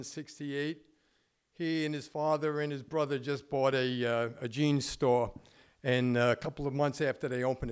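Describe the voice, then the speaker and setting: A man telling a personal story on stage at a live storytelling event, in a plainspoken, conversational way. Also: medium pitch.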